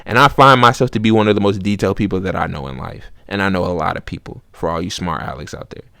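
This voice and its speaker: A man's voice: deep voice, quick pace, creaky, fairly bright tone, clean tone, no room sound, studio quality. A young man hosting a podcast, talking casually in slang and acting out both sides of everyday arguments. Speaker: podcast host. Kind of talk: casual monologue.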